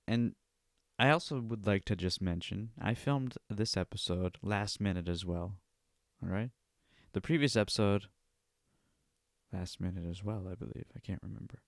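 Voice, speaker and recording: A man delivers a solo podcast rant in a smooth, clear voice, cursing freely and jabbing "all right?" into his points. The sound is close and dry, with no room around it. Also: fairly low pitch, unhurried, no room sound. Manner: profane, indignant, ranting; repeats "all right?" as a verbal tic. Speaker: podcast host.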